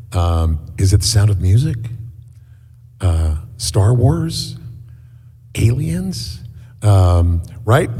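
A middle-aged man giving a sermon as a guest preacher in a church, telling stories in a relaxed, chatty way with many fillers. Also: deep voice, breathy edge. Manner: conversational storytelling with many fillers. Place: church hall. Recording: echoey hall.

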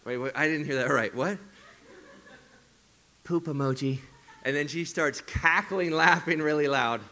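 A male pastor delivering a sermon in a church service, preaching with emphasis and often dropping to hushed, breathy whispers. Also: on the high side, normal speed, a little hiss or hum. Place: church service streamed to viewers at home.

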